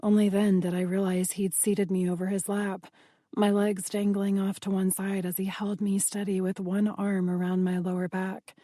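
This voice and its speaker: A woman narrating a first-person audiobook in a slow, intimate way. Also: mid-range voice, flat delivery, mellow, dry recording, studio quality.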